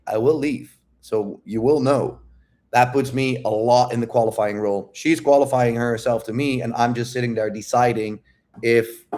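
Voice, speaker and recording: A man in the middle of the usual pitch range, telling a story to his audience. He speaks bluntly and casually, swears freely and takes his time, with the relaxed tone of a dating coach. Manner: blunt, profane, unhurried.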